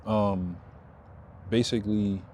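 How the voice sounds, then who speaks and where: A man talks loosely and a little low, circling back and repeating himself as ideas come. He speaks outdoors, with a faint wash of noise behind him. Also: takes it slowly. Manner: rambling, loose, repeats himself, animated when excited. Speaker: vlogger. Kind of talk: casual talk to camera.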